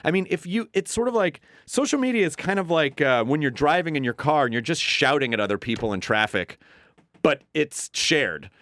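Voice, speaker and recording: A man's voice: a little high, lively intonation, normal speed, a bit bright, dry recording. A man, a TV host, talking as a guest in a casual studio interview, reflective and rambling, acting out quoted voices.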